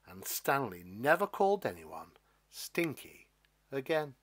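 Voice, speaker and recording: A man reading a children's story aloud in an expressive, unhurried way. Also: sits low, slightly rough.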